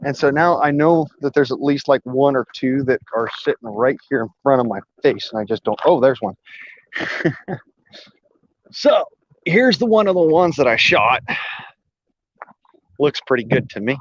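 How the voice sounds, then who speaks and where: A man's voice: medium pitch, lively intonation, a little slow, pauses often, no room sound. A man chatting casually in a rambling, folksy way, with an occasional swear. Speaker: vlogger. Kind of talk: casual chat while showing an air gun. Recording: slightly muffled lo-fi audio.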